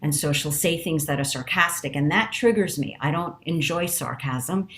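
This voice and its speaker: Middle-aged woman, low voice, calm and earnest mindfulness teacher with measured pauses. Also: a little hiss or hum. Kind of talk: teaching talk.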